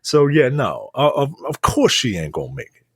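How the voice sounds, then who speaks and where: Lively, blunt male podcast co-host. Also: medium pitch, moderate pace, breathy edge, dry recording, studio quality. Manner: animated, blunt and joking. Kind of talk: casual movie review chat.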